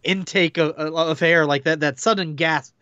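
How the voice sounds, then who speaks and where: A man's voice: on the high side, measured pace, smooth, dry recording. A man co-hosting a podcast, chatting casually and reviewing a film with plenty of fillers. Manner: relaxed, filler-heavy opinions. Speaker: podcast co-host. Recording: dull dry lo-fi sound.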